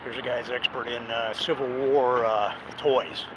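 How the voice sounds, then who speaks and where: A man's voice: medium pitch, steady tone, moderate pace. A man chatting casually for his vlog while out on the street, rambling with lots of fillers and chuckles. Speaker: vlogger. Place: outdoors on city streets. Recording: loud outdoor street noise. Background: loud traffic and street noise.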